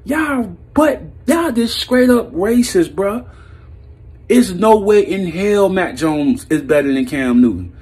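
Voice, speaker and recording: A man's voice: high-pitched, animated, slow, a little mellow, breathy edge. A man giving a blunt, heated, profane sports opinion rant as a vlog host, breaking into laughs. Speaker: sports commentary vlogger.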